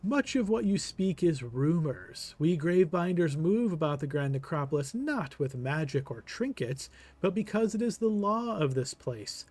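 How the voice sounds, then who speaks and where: A man's voice: on the high side, sing-song, a little mellow. A man voicing a courteous woman gatekeeper. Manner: measured, formal and courteous. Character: guarded woman gatekeeper of a hidden order.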